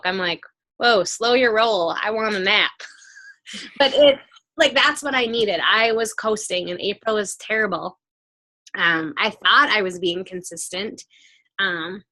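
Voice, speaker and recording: A woman's voice: mid-range voice, pushed and bright. A woman hosting a team video call, telling stories in a casual, chatty way with many fillers. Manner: chatty, filler-heavy storytelling.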